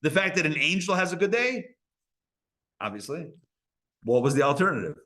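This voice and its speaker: Animated man teaching a lively Torah class. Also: on the high side, normal speed. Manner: animated and conversational, with playful asides to the audience. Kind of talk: live Torah lecture. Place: community Torah center before a live audience.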